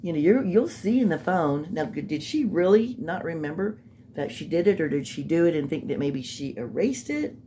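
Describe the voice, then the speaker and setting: Woman, low and mellow voice, skeptical casual true-crime commentator. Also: animated, normal speed, slight background noise. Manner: skeptical, rambling, mocking asides.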